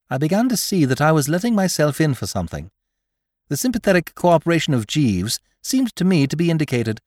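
A man reading a comic story aloud in first person, with an expressive, theatrical delivery. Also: a little high, fairly quick, dry recording, clean studio sound. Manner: lively and theatrical, bright comic timing. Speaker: audiobook reader.

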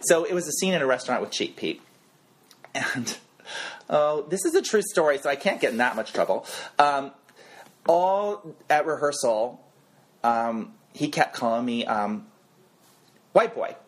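A middle-aged man, an actor, telling animated stories as a guest in a casual podcast interview on a studio mic. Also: unhurried, pauses often. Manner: animated, expressive storyteller who swings his pitch.

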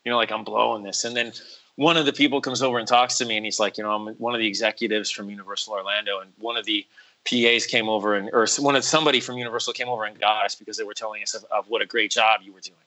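A man telling a story in casual chat, animated and acting out quotes in other voices, with lots of "like" and "bro". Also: on the low side, very fast, low-quality recording.

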